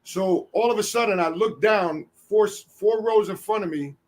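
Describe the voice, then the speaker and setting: Brief: high-pitched male podcast host, animated storyteller, swears freely, does voices for the people in his tale. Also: moderate pace. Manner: animated, profane, acts out quotes. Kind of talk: casual storytelling.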